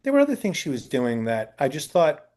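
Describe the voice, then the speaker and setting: A man's voice: a little high, huge pitch swings, fairly quick, a little mellow. Chatty male talent agent telling stories. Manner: chatty storytelling, acting out quoted people; frequent fillers and restarts. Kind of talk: casual interview answers. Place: indoor sit-down interview.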